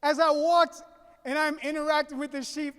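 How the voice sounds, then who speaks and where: A man's voice: very high-pitched, flat delivery, normal speed, fairly bright tone. A man from Southeast Louisiana, giving a folksy, story-driven keynote speech to an audience he calls y'all. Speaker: keynote speaker. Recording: reverberant hall.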